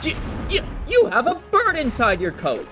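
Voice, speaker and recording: A man's voice: on the high side, very animated, a little slow, music in the background. A man voicing a cigar-smoking airline pilot in a joke, greeting passengers and scolding. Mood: stern. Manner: breezy greetings turning stern.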